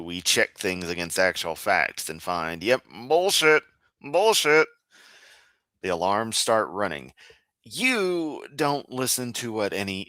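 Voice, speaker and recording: A man's voice: on the low side, pushed and bright, no room sound, clean studio sound. A man hosting a livestream and reacting to clips in casual commentary, sarcastic and mocking, laughing often.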